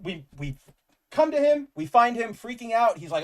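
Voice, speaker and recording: A man's voice: extremely high pitch, sing-song, normal speed. A man co-hosting a casual comics chat, enthusiastic and rambling, with lots of "like" fillers. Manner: enthusiastic, rambling, says "like" often. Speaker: podcast co-host.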